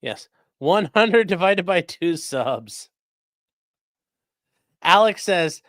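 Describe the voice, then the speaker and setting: A man with a high, bouncy voice riffs casually to his livestream chat. His sound is bright and a bit tense, recorded close and dry with no room echo. He jokes around, slips into silly voices and yells now and then. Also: extremely slow, pauses often. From grew up in a rural area. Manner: jokey, animated, mock voices and sudden yells. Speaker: livestream host reacting to a trial.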